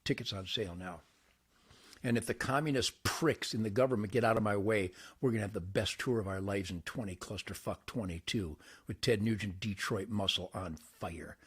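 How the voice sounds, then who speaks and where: An older man hosting his own show, ranting boastfully to camera by a campfire outdoors, with wild swings between shouting and muttering. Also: moderate pace, husky. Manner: brash, boastful, loud swings in pitch and volume.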